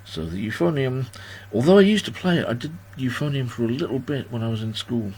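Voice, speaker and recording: Older man hosting a home livestream party, medium pitch, rambling and self-deprecating, reads out viewer comments. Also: lively intonation, brisk, darkish tone, slightly rough. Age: 60s. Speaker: host of a livestream birthday party. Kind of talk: casual chat.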